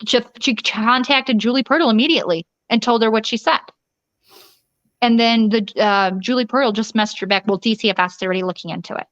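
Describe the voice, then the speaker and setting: A woman interview guest telling a personal ordeal in a rushed, urgent way, often restarting sentences and acting out quoted dialogue. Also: fairly high pitch, a bit bright, dry recording. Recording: dull lo-fi dry recording.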